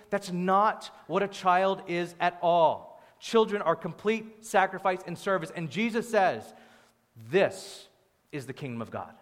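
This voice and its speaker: A young man preaching a sermon as pastor, in a conversational, animated way with playful asides. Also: high voice, unhurried. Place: church sanctuary. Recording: long hall reverb.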